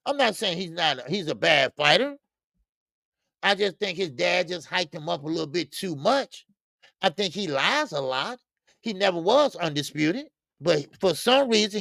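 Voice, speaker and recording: A man hosting a boxing talk stream, speaking casually and loudly, cursing freely, repeating himself and reading viewer comments aloud. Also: sits high, gravelly, no room sound, studio quality. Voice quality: loud, animated, profane, repeats himself. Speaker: boxing show host.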